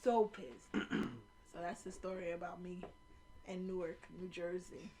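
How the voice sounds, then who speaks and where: Animated, profane woman podcast host. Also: on the low side, measured pace, slight background noise. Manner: animated, profane storytelling with loud acted-out quotes. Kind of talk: casual storytelling chat. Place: home room near a kitchen window.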